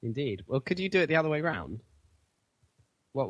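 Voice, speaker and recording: A man's voice: mid-range voice, big pitch swings, fairly quick, no room sound, highs cut off. A man co-hosting a casual gaming podcast, rambling with fillers and laughing a lot. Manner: rambling, giggly, trails off with fillers. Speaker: podcast co-host. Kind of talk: casual chat.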